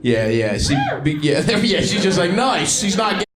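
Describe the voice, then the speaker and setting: A man's voice: high voice, big pitch swings, moderate pace, very noisy. A man doing stand-up crowd work in a comedy club, brash and teasing, laughing often. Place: comedy club before a live audience. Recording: roomy live club sound with loud crowd.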